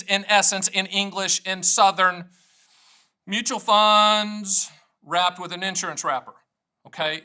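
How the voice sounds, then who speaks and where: Man, American, middle-aged, high voice, very bright tone, playful, self-mocking, solo video host. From United States. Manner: playful, self-mocking, jumps between jokes and explanation. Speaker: annuity agent and show host. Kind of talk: energetic solo video monologue to camera.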